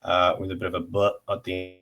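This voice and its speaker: A man giving a casual online pronunciation lesson, explaining slowly with many pauses and fillers while sharing his screen. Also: low-pitched, flat delivery, fairly bright tone, faint music behind. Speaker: language teacher.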